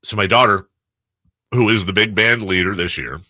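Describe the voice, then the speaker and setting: A man's voice: lowish voice, moderate pace, dry recording, studio quality. A man hosting a sports talk radio show in casual on-air chat, rambling and interrupting himself as he goes. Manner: rambling, self-interrupting, animated. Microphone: studio microphone.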